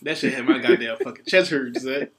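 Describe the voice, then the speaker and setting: A man co-hosting a casual, profane chat, laughing loudly and often. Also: medium pitch, fairly quick, a crowd in the background.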